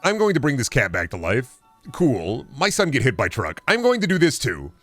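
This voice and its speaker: A man's voice: medium pitch, wildly swooping pitch, moderate pace, fairly bright tone, no echo, soft background music. A man putting on the voice of a dim-witted, stubborn doctor, speaking in broken, mocking caveman grammar.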